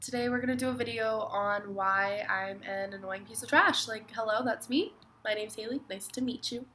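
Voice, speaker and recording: A woman's voice: mid-range voice, normal speed, sharp tone, slight background noise. Stuffy-nosed teen girl vlogging. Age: teens. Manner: self-mocking, says "like" constantly. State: sick, stuffy. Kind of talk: casual chat.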